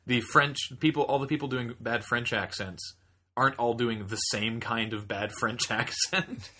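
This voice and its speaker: A man's voice: medium pitch, fairly even intonation, normal speed, sharp tone, a little hiss or hum. A young man co-hosting a podcast, telling stories in casual chat with rambling laughing asides. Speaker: podcast co-host.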